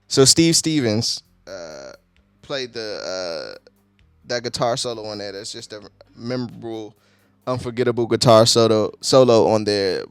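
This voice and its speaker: Excitable slangy young male reviewer. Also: fairly low pitch, smooth, no echo. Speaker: music reviewer. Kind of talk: casual reaction review.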